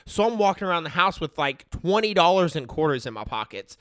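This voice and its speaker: A man's voice: on the high side, big pitch swings, brisk, fairly bright tone, clear, resonant tone, dry recording, clean studio sound. A man in his thirties telling a comic story in a slangy way, checking in with the listener all the time. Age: 30s.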